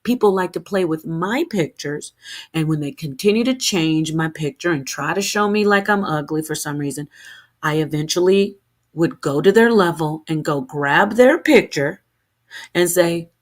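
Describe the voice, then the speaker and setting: A woman with a somewhat low voice delivers an unscripted livestream rant to her viewers. She sounds heated and defensive, rambling from point to point and restarting her sentences as she goes. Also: lively intonation, normal speed. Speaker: streamer.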